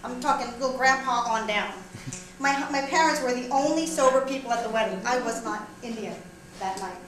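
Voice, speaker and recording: On a small theater stage, a woman performs a stand-up comedy monologue, chatty and teasing as she jokes with the audience. Her voice is a little high and fairly quick, and the recording captures a roomy live room with the audience present.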